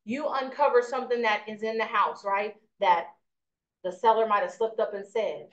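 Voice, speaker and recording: A middle-aged woman teaching a live real estate class, telling stories with lively energy and often checking in with "right?". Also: medium pitch, moderate pace. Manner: animated storyteller, asks "right?" often. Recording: echoey lo-fi room recording.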